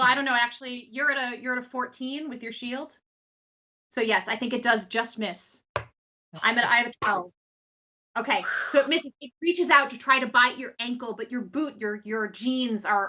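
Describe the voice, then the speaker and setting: A woman narrates a tabletop game as its game master, with an animated delivery. Her voice is bright and forward. The sound is muffled and lo-fi, like a streamed call. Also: on the high side.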